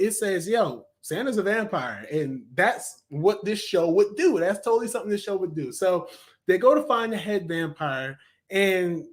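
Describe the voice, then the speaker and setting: A man with a high-pitched voice chats through a casual cartoon review. He rambles enthusiastically, often pausing with ums and restarting his sentences.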